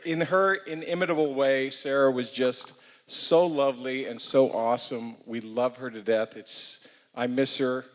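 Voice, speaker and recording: A wry man jokes at his own expense on a festival panel. His voice sits at a mid pitch. A long hall reverb hangs on his words. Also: normal speed. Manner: wry, self-deprecating jokester. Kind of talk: joking panel remarks and story. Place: theater stage.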